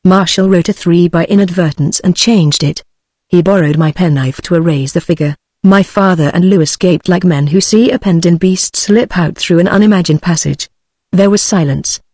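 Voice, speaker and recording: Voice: mid-range voice, moderate pace, dry recording, studio quality. Synthetic audiobook narrator voice. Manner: even, mechanical reading. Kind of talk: text-to-speech audiobook narration.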